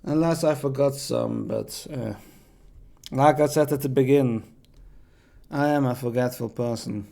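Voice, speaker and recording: A man's voice: medium pitch, measured pace, vocal fry, long pauses, mellow. A young man chatting casually on a stream, rambling in a self-deprecating way with slightly non-native phrasing. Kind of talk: casual chat showing off voices.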